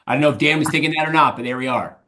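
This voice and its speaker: A man in his thirties co-hosting a casual movie podcast, relaxed and hesitant, often restarting his sentences. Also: a little high, rapid-fire, a little hiss or hum. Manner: relaxed, hesitant with fillers and repeats. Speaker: podcast co-host.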